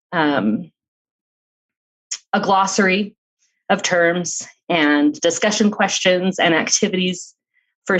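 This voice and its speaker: A woman's voice: on the low side, rough recording. Earnest middle-aged woman telling her story. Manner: warm, earnest storytelling with frequent light laughs. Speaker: author and guest. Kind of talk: storytelling in a podcast interview.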